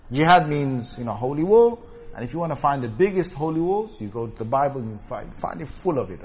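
A man's voice: mid-range voice, breathy edge. A man teaching a scripture commentary lesson in an explanatory way, often checking in with his listeners. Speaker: religious teacher.

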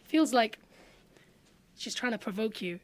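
A woman hosting an interview, engaged and quick to laugh as she asks questions. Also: on the high side, lively intonation, no room sound. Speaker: host. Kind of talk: casual interview chat.

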